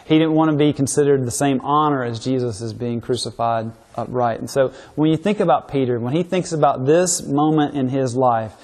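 A man's voice: medium pitch, darkish tone. A man preaching a sermon, asking his listeners rhetorical questions and reading scripture aloud.

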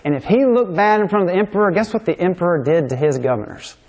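Preacher guy, chatty sermon, says "right?" a lot, kinda high voice. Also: animated, quick pace, a little mellow, lo-fi sound. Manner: informal, keeps asking "right?". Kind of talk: conversational sermon.

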